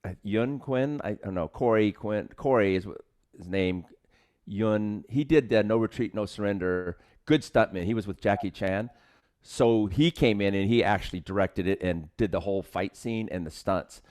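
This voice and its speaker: A man's voice: lowish voice, moderate pace, darkish tone. A man co-hosting a martial arts podcast, telling film-set anecdotes in casual chat and acting out the quotes with laughter.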